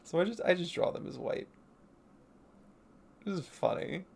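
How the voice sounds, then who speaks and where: Rambling young artist with a gravelly edge. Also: mid-range voice, animated, moderate pace. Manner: rambling, self-mocking, briefly acting out character lines. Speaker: artist livestreaming a comic read-through. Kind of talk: casual livestream commentary.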